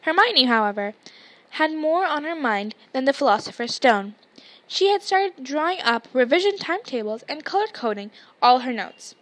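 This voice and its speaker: A woman reads a novel aloud with a high voice. Her storytelling is lively and expressive. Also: normal speed.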